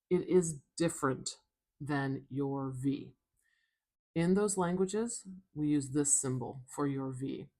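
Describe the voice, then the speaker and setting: A woman with a North American accent teaching pronunciation, patiently sounding out each syllable in a soft-spoken lesson. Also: sits low. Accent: North American English.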